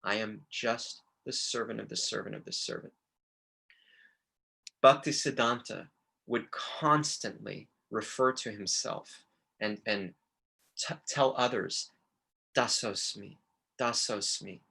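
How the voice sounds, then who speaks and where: Guy giving a temple class, bright forceful voice, heartfelt and earnest. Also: lowish voice, slow, vocal fry, long pauses, slightly rough. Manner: earnest, emotional, quotes scripture and teachers with feeling. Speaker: temple lecturer. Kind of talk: devotional class lecture.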